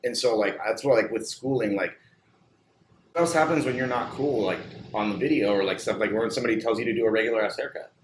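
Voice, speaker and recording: A man's voice: on the low side, quick pace, a little hiss or hum. A man who owns a barbershop and trains an apprentice, chatting casually in a loose, profane way with lots of filler. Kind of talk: casual chat. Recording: roomy recording with faint ambience.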